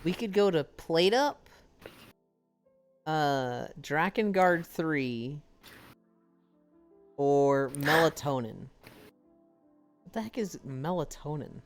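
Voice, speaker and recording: A woman streamer chatting casually on a live stream, animated and prone to swearing and exaggerated outbursts. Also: deep voice, takes it slowly, long pauses, soft background music. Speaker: livestreamer. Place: at home in VR.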